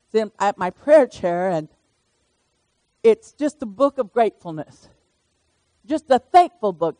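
A woman's voice: fairly high pitch, darkish tone, dry recording. An older woman preaching a sermon in a folksy, conversational way, calling on listeners by name.

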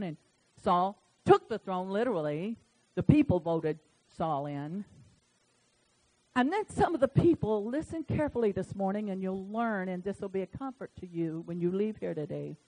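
A woman pastor preaching a sermon, swinging from loud, fervent declarations down to quiet, conversational storytelling. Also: fairly low pitch, low-quality recording.

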